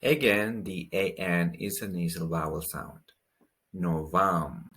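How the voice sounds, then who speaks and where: A deep-voiced man leads a pronunciation lesson, speaking very slowly and patiently. He says each word twice and stops to explain how the sounds are made. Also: fairly bright tone. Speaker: language teacher.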